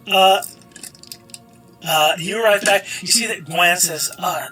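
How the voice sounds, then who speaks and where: Male game master, halting delivery, background music. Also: high voice, bright, forceful tone, rough recording. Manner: halting, full of fillers. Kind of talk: narrating a tabletop game.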